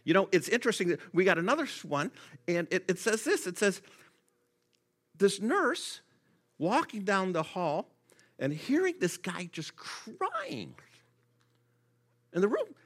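A man delivers a sermon full of stories to a church gathering. His voice sits a bit high and swings widely in pitch as he talks. He often stumbles into repeated words as he builds up a story. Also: unhurried, long pauses. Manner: repeats words when excited. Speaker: church speaker for the Gideons.

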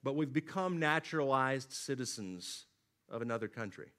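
A man preaching a sermon, swinging from loud emphatic lines to low, quiet drops. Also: lively intonation, moderate pace. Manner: dynamic preaching, rising emphatic then dropping low and quiet. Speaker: pastor.

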